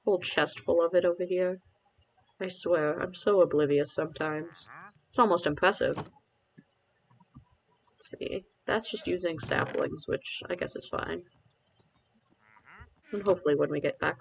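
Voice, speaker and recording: A man's voice: on the high side, fairly even intonation, moderate pace, gravelly, long pauses, a little hiss or hum, low-quality recording. A man streaming a game live, chatting casually and rambling with self-mocking asides to his viewers.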